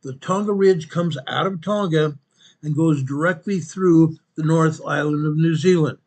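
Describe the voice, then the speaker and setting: Man, fairly high voice, earthquake map report, repeats numbers, self-correcting. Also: normal speed, darkish tone. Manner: repetitive, restates each quake figure; corrects himself mid-sentence. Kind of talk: narrating a map-based earthquake update.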